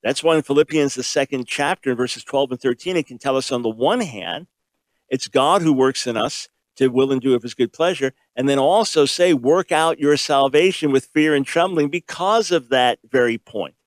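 Male preacher, mid-pitched, emphatic, rhetorical, drives points home by repetition; dry close mic. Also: moderate pace, no room sound. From grew up in a Jewish home. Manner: emphatic, repetitive, rhetorical questions, shifting pace. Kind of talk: sermon teaching.

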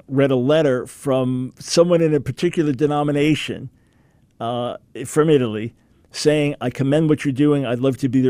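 A middle-aged man preaching on a broadcast, telling stories in a lively way and acting out the people he quotes. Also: no room sound. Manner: animated storytelling, acts out quoted people with big pitch jumps.

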